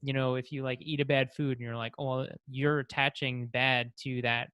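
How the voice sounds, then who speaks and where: A man hosting a podcast interview, enthusiastic and quick to laugh, with lots of "like" in his talk. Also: mid-range voice, little pitch movement, fairly bright tone, clear, resonant tone, dry recording, studio quality. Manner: enthusiastic, laughs often, fills with "like". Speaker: podcast host.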